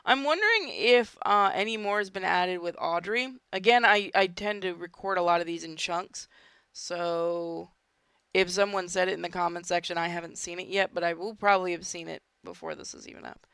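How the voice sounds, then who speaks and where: A gaming host giving casual, chatty commentary while playing, drifting from quiet mutters to sudden shouts. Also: medium pitch, normal speed, vocal fry, clean tone, no echo.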